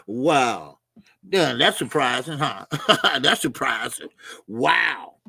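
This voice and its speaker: Man, middle-aged, livestream host, bright tense tone, dry close sound, profane and laughing. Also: medium pitch, expressive, drawn-out words, gravelly, slightly rough, dry recording. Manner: loose and profane, laughing, reading out viewer comments and donations. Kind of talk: casual livestream chat.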